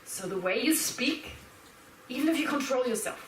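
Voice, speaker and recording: A woman teaching Buddhist philosophy as a lecture, lively and animated, laughing and acting out little quotes as she explains. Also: high-pitched, moderate pace, slight background noise. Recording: roomy hall, speaker far from the mic.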